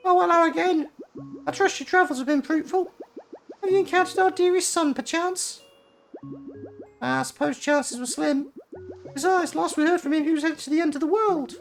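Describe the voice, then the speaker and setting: A man voicing a sweet, polite elderly parent in a very high falsetto with quaint, genteel phrasing. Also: normal speed, gravelly, long pauses, faint music behind. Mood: gentle.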